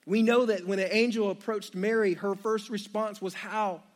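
A man's voice: high voice, steady tone, moderate pace. A young man preaching a sermon, retelling the story with jokey asides and playful asides to the congregation. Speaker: pastor.

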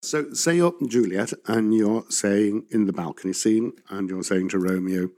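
Low, mellow-voiced man coaching verse. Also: normal speed, few pauses. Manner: reflective, emphatic when giving advice. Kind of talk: expert explaining in a conversation.

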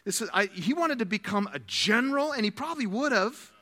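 A male pastor preaching with a bright, forceful voice and a lively, swooping delivery. He brings his stories to life by acting out the quoted lines of the people in them. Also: sits high, fairly quick, big-room sound. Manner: animated storytelling, acts out quoted dialogue. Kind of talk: sermon.

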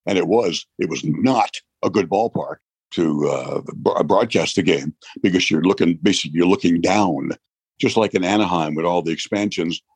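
Guesting on a storytelling interview, a retired baseball broadcaster, an older New Yorker, talks at a normal speed in a low, husky voice. He laughs frequently and imitates people as he tells his tales with animation. The recording has no echo.

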